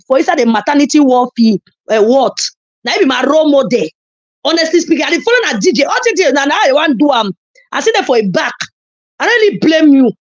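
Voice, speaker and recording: A social media commentator, a woman with a Nigerian Pidgin accent, launches into a heated online rant, scolding and insulting a rival with loud, emphatic outbursts. Her voice is high, and the audio sounds dull.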